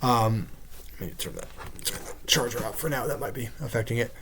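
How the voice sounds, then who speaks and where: A man in a casual podcast recap who rambles and fills gaps with ums. His voice sits in a middling pitch and leaps up high and loud when he acts out a scene. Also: brisk, a little hiss or hum. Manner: rambling, full of fillers, acts out quotes with sudden high excited bursts. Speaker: podcast host.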